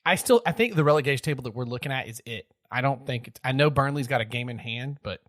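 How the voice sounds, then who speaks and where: A man's voice: mid-range voice, quick pace, dry recording. Brief: male podcast co-host, joking banter, dry close recording. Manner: laughs easily, animated banter. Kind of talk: casual sports chat.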